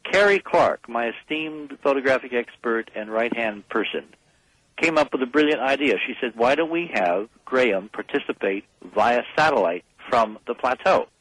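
A man's voice: mid-range voice, lively intonation, moderate pace, fairly bright tone, no room sound, rough recording. Emphatic, speechifying man. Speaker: guest. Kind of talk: radio call-in interview.

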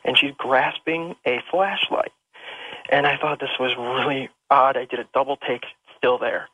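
A man's voice: mid-range voice, fairly even intonation, measured pace, pushed and bright, husky, dry recording. A man calling into a radio show over the phone, telling a personal ghost story in a rambling, emotional way with many restarts. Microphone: telephone. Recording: dull lo-fi phone line.

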